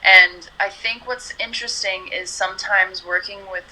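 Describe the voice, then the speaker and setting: A woman singer being interviewed, talking in a relaxed, chatty way, often saying "you know" and "like". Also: medium pitch, moderate pace, poor audio. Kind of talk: casual interview chat.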